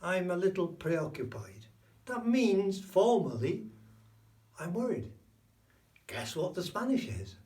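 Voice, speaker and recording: A man giving a spoken language lesson, explaining slowly and repeating key words. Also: on the high side, far from the mic. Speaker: language teacher.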